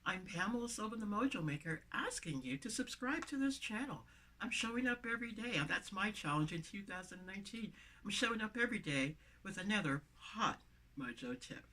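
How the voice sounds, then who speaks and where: A woman's voice: mid-range voice, big pitch swings, a little fast, bright, forceful tone. A woman with a lisp, speaking to camera as a motivational vlogger, with emphatic, repeated phrases, recorded inside a van on the camera mic.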